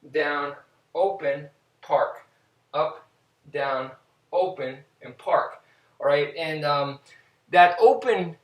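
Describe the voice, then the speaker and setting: A man teaching martial arts in a relaxed, casual way, counting out moves as he demonstrates them. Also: a little high. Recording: roomy echo, from a distance.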